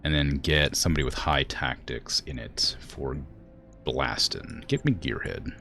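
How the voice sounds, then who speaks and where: A man's voice: rumbling low, a little slow, pushed and bright, faint music behind. A man streaming a strategy game, chatting casually and laughing often.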